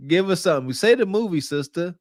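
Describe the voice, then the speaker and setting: A man's voice: high voice, expressive, fast, no echo, clean studio sound. A man hosting a podcast, giving teasing, incredulous reaction commentary and laughing at what he hears. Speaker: podcast host.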